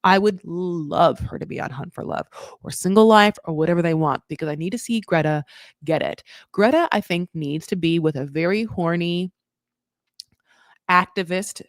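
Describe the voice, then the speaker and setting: A young woman recapping a reality show in casual, animated commentary, swearing freely and acting out what the people said. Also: fairly low pitch, normal speed, no echo, clean studio sound. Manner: chatty, animated, swears, acts out quoted voices.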